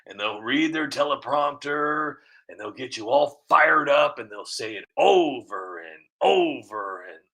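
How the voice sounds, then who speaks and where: A man's voice: mid-range voice, lively intonation, measured pace, fairly bright tone, poor audio. A man giving opinionated commentary to camera, rambling and repeating himself with frequent restarts. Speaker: video creator.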